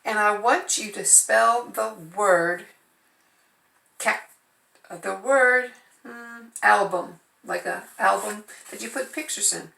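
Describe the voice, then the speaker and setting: A woman's voice: mid-range voice, takes it slowly, gravelly, sharp tone. A woman teaching first graders phonics, patiently sounding out letters and syllables. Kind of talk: remote phonics lesson. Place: home. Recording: echoey room.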